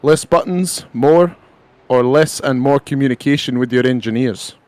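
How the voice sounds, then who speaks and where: A man's voice: medium pitch, normal speed, darkish tone, no echo, natural voice. A man doing a Scottish brogue, reading a question formally. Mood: mock formal.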